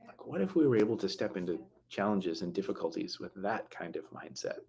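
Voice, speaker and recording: A man hosting a live mental health talk, conversational, with many fillers and restarts, slowing down to stress key words. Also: sits low, lively intonation, creaky, a little mellow.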